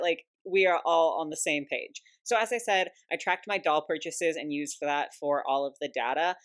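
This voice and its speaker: A woman with a slightly low voice talks to camera in a casual vlog. She is giddy and giggly, short of breath from excitement, rushing through her words between bursts of laughter. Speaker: doll collector vlogger.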